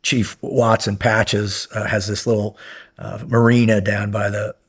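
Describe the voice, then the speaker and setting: Male guest, husky tone, animated casual storyteller. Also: on the low side, measured pace. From United States. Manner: animated, acts out quoted dialogue, many restarts. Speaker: podcast guest, former Navy SEAL.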